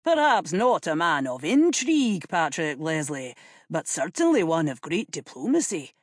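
A woman voicing a commanding young king who speaks in loud, imperious orders. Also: deep voice, big pitch swings, moderate pace, no echo, clean studio sound. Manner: blustering, imperious. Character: King James, commanding young royal man.

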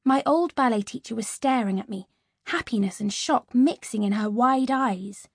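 A woman narrating an audiobook in the first person with a lively, expressive reading on a close studio mic. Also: a little high, moderate pace, creaky, slightly rough, no echo.

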